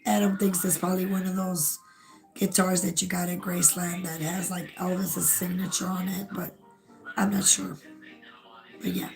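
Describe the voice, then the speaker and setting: A woman hosting a casual livestream, hoarse from losing her voice, rambling with many fillers. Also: on the low side, flat delivery, moderate pace, faint music behind, poor audio. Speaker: host.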